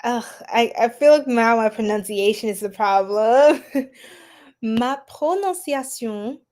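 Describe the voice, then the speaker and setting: Woman, livestream tarot host, giggly, excitable, unhurried delivery. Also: on the high side. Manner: bubbly and giggly, laughing often; gasps and squeals with excitement. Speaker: tarot reader hosting a livestream. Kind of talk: live chat with viewers.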